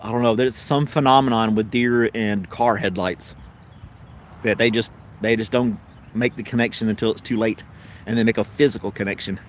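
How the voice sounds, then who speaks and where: A man's voice: fairly low pitch, fairly even intonation, normal speed, a little hiss or hum. A middle-aged man with a Southern American accent hosts a casual live stream, chatting with viewers and telling long anecdotes full of fillers and restarts. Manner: rambling storyteller with many fillers and self-corrections; laughs easily while telling stories.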